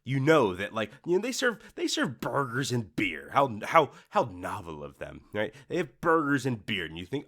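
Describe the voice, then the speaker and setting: A man's voice: medium pitch, normal speed, hardly any pauses. A man hosting a solo podcast, ranting casually and acting out what customers think to themselves. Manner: ranting, animated, acts out customers' inner voices. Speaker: podcast host. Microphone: studio microphone.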